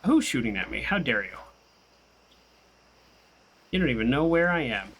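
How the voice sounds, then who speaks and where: Bright-voiced man rambling through a gameplay session. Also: mid-range voice, very animated, normal speed, slightly rough. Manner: rambling and chatty, tells stories while playing. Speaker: gaming channel host. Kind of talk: casual let's-play commentary.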